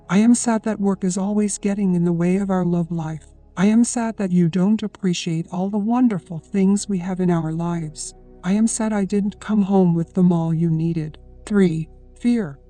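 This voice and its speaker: An audiobook narrator giving a measured, even scripted reading. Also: medium pitch.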